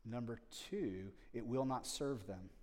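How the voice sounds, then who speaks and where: A male pastor giving a conversational sermon, his voice swinging from quiet asides to loud, emphatic peaks. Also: medium pitch, takes it slowly, long reverb tail.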